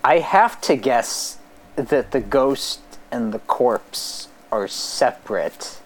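A man's voice: mid-range voice, animated, rough recording. A man appearing as a guest on a podcast, chatting casually with a dry, sarcastic edge and a habit of picking apart plot logic. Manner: dry, sarcastic and quick to poke holes.

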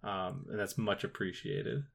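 A man's voice: lowish voice, fairly even intonation, a little slow, vocal fry, breathy edge. A man co-hosting a podcast, chatting casually about a film, full of fillers and restarts. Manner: hesitant, filler-heavy, with sudden upward bursts. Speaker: podcast co-host.

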